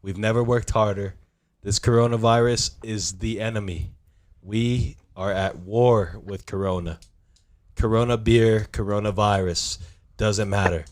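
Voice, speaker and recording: A man's voice: on the low side, steady tone, unhurried, a little mellow, natural voice. A man doing an impression of a boastful male president who speaks in repetitive superlatives.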